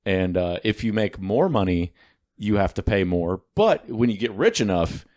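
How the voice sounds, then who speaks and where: Low-voiced man, animated and profane podcast talk. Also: moderate pace. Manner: animated, swearing freely, talks over his partner. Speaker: podcast co-host. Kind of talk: casual chat.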